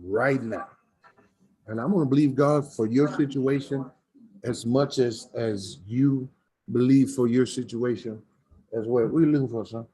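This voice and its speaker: A man's voice: medium pitch, steady tone, moderate pace, warm tone, breathy edge. A middle-aged man, a smokehouse owner telling folksy stories in a preacherly way. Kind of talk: storytelling chat.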